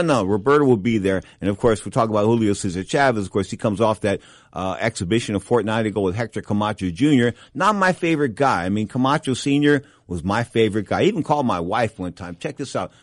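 A middle-aged man hosting a boxing talk show, telling rambling stories full of restarts and asides, and jumping up in pitch for emphasis. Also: lively intonation, fairly quick, dry recording, clean studio sound. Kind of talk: casual anecdotal storytelling.

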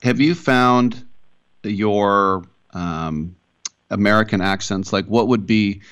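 A man hosting an interview, jokey and quick to laugh. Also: fairly low pitch, fairly bright tone, smooth, no echo. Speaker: interview host. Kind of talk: casual interview chat.

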